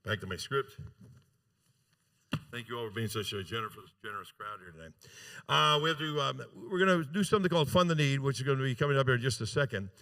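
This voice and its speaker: He's a gala charity auctioneer with a medium-pitched, pushed and bright voice, fast and lively in intonation. Handheld mic in a large event room, he calls bids live and banters jokingly to coax the crowd.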